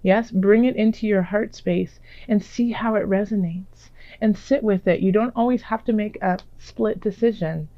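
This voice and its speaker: Gentle woman reading tarot, slightly raspy. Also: mid-range voice, moderate pace, few pauses, no room sound, dull audio. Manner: gentle, reassuring, many fillers. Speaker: tarot reader. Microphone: own microphone.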